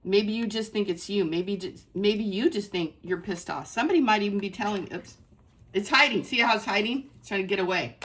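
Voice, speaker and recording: A woman's voice: medium pitch, fairly quick, a bit bright. A woman giving a casual spiritual tarot reading to her viewers, effusive and emphatic, repeating phrases for stress. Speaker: tarot reader.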